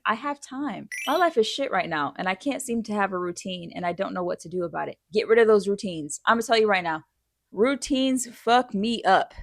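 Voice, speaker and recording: Woman, thirties, casual advice vlogger with a blunt, swear-happy delivery, mid-pitched, close and dry. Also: no room sound. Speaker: advice vlogger answering viewer questions.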